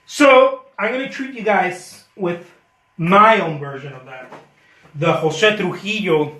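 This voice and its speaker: A man's voice: high-pitched, lively intonation, unhurried, bright, forceful tone, roomy sound. A man painting live for his viewers, chatting casually and joking about himself with playful boasts, and thanking viewers by name. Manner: playful, self-mocking boasts. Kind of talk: casual live-stream chat while painting.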